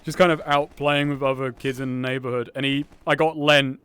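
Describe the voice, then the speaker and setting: A man's voice: medium pitch, little pitch movement, a little fast, a bit bright, clean tone. A man playing a VR game on stream, laid-back, laughing and narrating what he does as he chats. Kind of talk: casual gaming chat.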